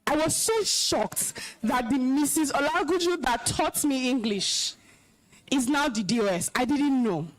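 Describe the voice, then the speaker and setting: A young woman with a Nigerian accent addresses a room of students, her voice high and swinging widely as she scolds them sternly. She gives orders, then turns emotional and commanding when she speaks about respect for teachers. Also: animated, a little slow. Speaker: alumna speaker at school event.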